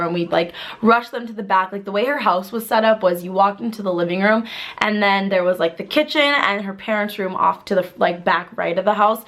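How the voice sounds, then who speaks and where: A woman in her twenties telling a story to camera in a chatty, filler-heavy way, bursting into excited quoted voices. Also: mid-range voice. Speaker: vlogger. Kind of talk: casual storytime vlog.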